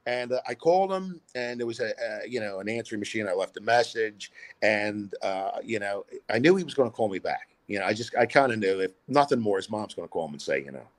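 A man's voice: lowish voice, animated, quick pace, no room sound. A middle-aged man, a filmmaker guest, telling a long story in a casual interview, rambling with many fillers and restarts.

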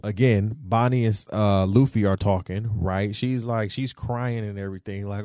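Mellow-voiced man in slangy commentary. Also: on the low side, normal speed, hardly any pauses, no echo, studio quality. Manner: slangy, animated ranting. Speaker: podcast host. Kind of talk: casual commentary.

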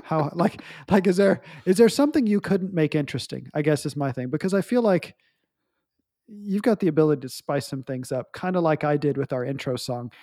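A man's voice: a little high, expressive, fairly quick, dark tone. A man co-hosting a podcast in casual chat, making wry remarks and often restarting his sentences. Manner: wry and agreeable, many restarts. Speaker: podcast co-host.

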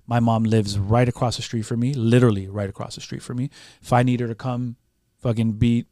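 A man's voice: medium pitch, steady tone, a little fast, warm tone, no room sound, clean studio sound. A man in his forties from Canada, a guest musician talking frankly and emotionally in an interview, swearing often. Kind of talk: candid interview chat.

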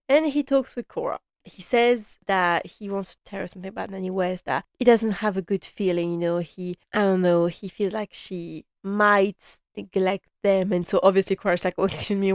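A woman casually recapping a TV drama episode, chatty and animated, with lots of fillers and acted-out lines. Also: mid-range voice, normal speed, no room sound, clean studio sound. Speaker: fan reviewing a TV drama episode.

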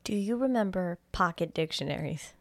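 A woman's voice: lowish voice, expressive, normal speed, no echo. A young woman co-hosting a casual podcast, making blunt, wry asides with some swearing. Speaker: podcast co-host. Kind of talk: casual chat.

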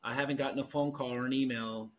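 A man's voice: medium pitch, fairly even intonation, fast. A middle-aged man, a retired police sergeant, talking as a guest in a casual interview and stressing key words as he explains.

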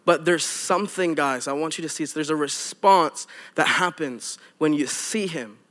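A young adult male pastor giving a conversational sermon with animated asides to his congregation. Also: on the high side, moderate pace.

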